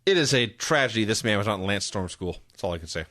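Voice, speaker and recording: A man's voice: on the low side, lively intonation, quick pace, pushed and bright, no echo. A man co-hosting a podcast, chatting casually in a dry, matter-of-fact way. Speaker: podcast co-host. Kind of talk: casual chat.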